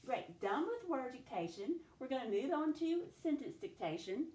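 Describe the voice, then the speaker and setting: A woman teacher giving a recorded spelling dictation lesson, slowly sounding out each letter and sound. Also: high voice, big pitch swings, dark tone. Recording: echoey room.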